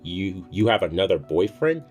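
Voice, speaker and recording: A man's voice: deep voice, sing-song, moderate pace, faint music behind. Man doing a cursing, possessive young guy. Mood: angry. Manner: shouting, cursing, threatening.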